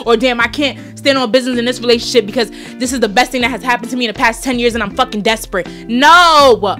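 A woman's voice: fairly high pitch, fast, hardly any pauses, fairly bright tone, faint music behind. A woman in her twenties with a New York accent, hosting a podcast and giving a blunt, profane, fired-up motivational talk. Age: 20s. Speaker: podcast host.

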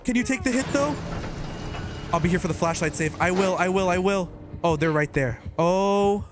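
A man giving joking, excitable commentary while streaming gameplay, often breaking into high shouts. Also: normal speed, background noise. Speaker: gaming streamer.

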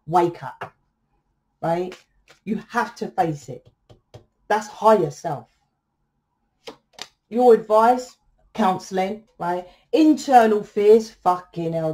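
A woman's voice: lowish voice, a little mellow. Blunt, sweary woman reading tarot. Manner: blunt, swears freely, keeps asking "right?". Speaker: tarot reader. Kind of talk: casual tarot reading to camera.

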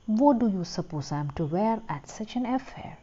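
A woman's voice: on the low side, animated, moderate pace, dark tone, lo-fi sound, lightly acted. A woman voicing a discontented young wife who longs for luxury, sounding impatient and complaining as she reads a story aloud. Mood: plaintive.

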